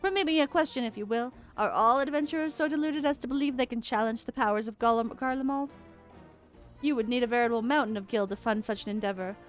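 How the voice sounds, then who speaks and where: A woman's voice: a little high, fast, faint music behind, voice pushed up, lightly acted. A woman voicing a haughty male imperial officer with a smug, lofty manner, reading game dialogue aloud.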